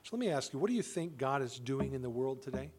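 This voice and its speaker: A man's voice: medium pitch, animated, quick pace. A man preaching a sermon, emphatic and full of rhetorical questions. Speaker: pastor; father of children.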